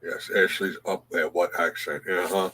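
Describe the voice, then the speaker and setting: A man's voice: low-pitched, flat delivery, moderate pace, pushed and bright, a little hiss or hum, poor audio. A man hosting a morning livestream, chatting casually and greeting viewers by name. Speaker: livestream host. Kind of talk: casual chat reading viewer comments.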